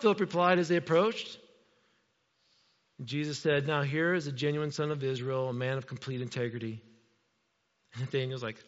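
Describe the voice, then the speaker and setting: A man preaching to his congregation in an animated sermon, his fairly high voice rising and dropping as he slips into quick voices for the people in the story. The sound is slightly dull and muffled. A long reverb trails each phrase, as in a large church hall. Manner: animated preaching, acts out Bible characters in quick asides. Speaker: pastor. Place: church sanctuary.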